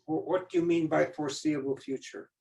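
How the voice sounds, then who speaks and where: A man's voice: a little high, fairly even intonation, a little fast, vocal fry, mellow, poor audio. A man on a library board asking formal procedural questions in a meeting. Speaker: board member. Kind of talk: meeting discussion.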